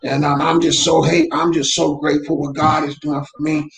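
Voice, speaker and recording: A man running his company's weekly motivational talk from home, speaking fervently like a preacher and breaking into shouts. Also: fairly high pitch, flat delivery, normal speed, creaky, echoey room. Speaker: real estate company owner, host. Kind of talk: live faith-based motivational talk. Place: room at home. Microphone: camera mic.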